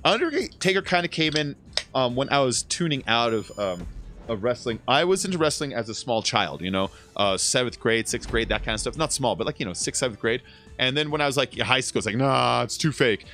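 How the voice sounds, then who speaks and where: A man in his thirties livestreams a game from home with soft music in the background, chatting in a relaxed, rambling way and swearing often. His medium-pitched voice is bright and forceful, brisk, with big swings in pitch.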